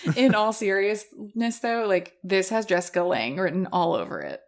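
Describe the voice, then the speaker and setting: A woman's voice: medium pitch, expressive, moderate pace. A woman talking as a podcast guest in casual film chat, chatty, laughing a lot and saying "like" often.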